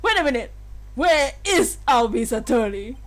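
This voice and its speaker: Giggly high-voiced woman streamer. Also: sing-song, moderate pace. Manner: giggly and playful, laughing often. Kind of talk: live game streaming chat.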